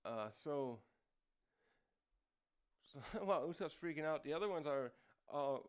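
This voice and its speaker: With a fairly high, clear and resonant voice, a manga review host talks expressively at a measured pace. His casual recap is unscripted and rambling, packed with fillers and restarts.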